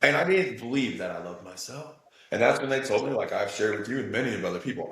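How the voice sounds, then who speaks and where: A man's voice: medium pitch, big pitch swings, fast talker, a bit bright, slight background noise. A man speaking as a guest in a spiritual interview, earnest and emphatic, often checking in with "right?". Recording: very echoey room.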